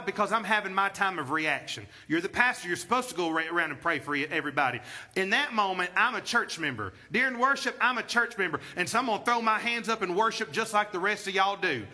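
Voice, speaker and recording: A man, a pastor preaching a sermon in church and calling for amens from the congregation. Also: high-pitched. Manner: call-and-response preaching, rising to shouts. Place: church sanctuary.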